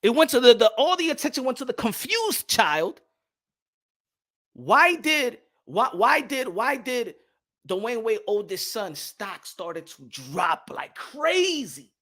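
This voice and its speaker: A young boxing commentary host goes on a loud, animated rant, taking it slowly. His voice is sharp and bright with pitch jumping wildly, and he keeps repeating himself, sliding from shouting down to low mutters.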